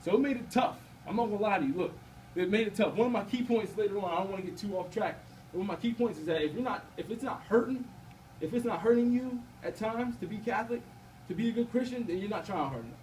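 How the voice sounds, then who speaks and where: Sharing his faith testimony at a campus ministry event, a young man in his 20s talks fast in a high yet darkish, expressive voice. He's conversational and chatty, repeatedly saying "you know what I mean," captured by a distant mic with faint hiss in the event room.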